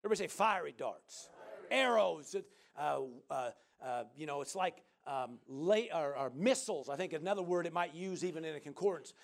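A man with a high voice delivering a sermon to his congregation. He leans hard into emphatic, building phrases and pulls the room in with call-and-response. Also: lively intonation, moderate pace, vocal fry. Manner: emphatic, builds to shouted exclamations. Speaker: preacher.

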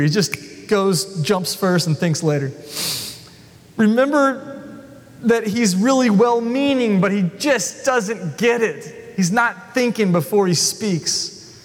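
A male pastor preaching a sermon in an animated, self-deprecating way, acting out the people he talks about. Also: high-pitched. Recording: long hall reverb.

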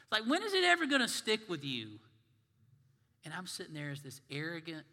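A male minister preaching a sermon in a conversational, animated way, asking the congregation questions. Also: fairly high pitch, brisk, creaky, big-room sound. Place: church sanctuary.

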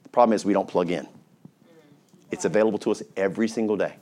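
A man's voice: deep voice, fast, a little mellow. Man preaching with rhetorical questions. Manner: rhetorical questions, call-and-response with congregation. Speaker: pastor. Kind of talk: sermon. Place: church.

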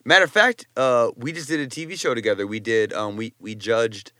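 A man's voice: mid-range voice, brisk, pushed and bright, dry recording, clean studio sound. Profane, slangy man telling stories. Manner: loose, profane storytelling with slang. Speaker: chef and guest. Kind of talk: casual podcast interview.

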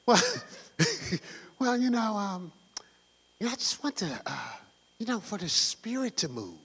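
A hesitant woman churchgoer, as a preacher puts her on, soft and halting, filling every pause. The voice is quiet and a little breathy, and it rings out in an echoey church hall. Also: sits high, sing-song, exaggerated voice. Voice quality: soft, halting, full of fillers.

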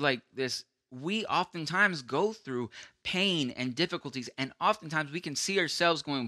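A man's voice: on the high side, sing-song, unhurried, bright, forceful tone, no room sound, clean studio sound. A man preaching an earnest, conversational sermon, often restarting his sentences. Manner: earnest, acts out quoted voices, frequent restarts.

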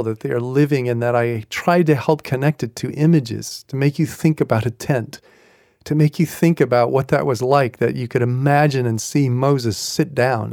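A man's voice: mid-range voice, creaky, a little mellow, no echo, studio quality. A man hosting a devotional podcast, teaching in an earnest, reflective way and repeating key phrases. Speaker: podcast host and Christian teacher.

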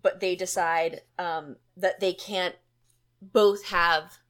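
Woman host chatting away on a podcast, animated, lots of likes and ums. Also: on the low side, slow pace. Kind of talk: casual chat.

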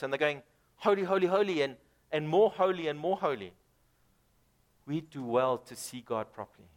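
A man preaching a sermon, emphatic, rising and dropping dramatically and repeating words for emphasis. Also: medium pitch. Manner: emphatic, rises and drops dramatically.

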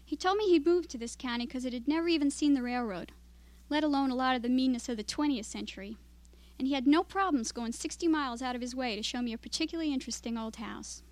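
A woman writer reading her own fiction aloud at a literary evening, in steady, measured storytelling. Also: sits high, dry recording.

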